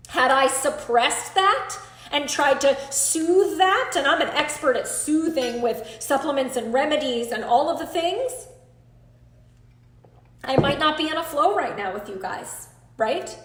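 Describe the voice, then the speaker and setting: A woman's voice: high-pitched, animated, unhurried, a bit bright, reverberant. A woman in her thirties leading a live online coaching class, earnest and emphatic as she talks straight to the group.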